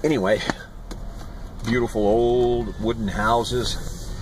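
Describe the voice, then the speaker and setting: A man's voice: on the low side, noisy background. A man in his sixties telling old stories on a walking tour, rambling and conversational as he points out places on a residential street. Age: 60s. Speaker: YouTube vlogger. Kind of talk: walking tour with personal storytelling.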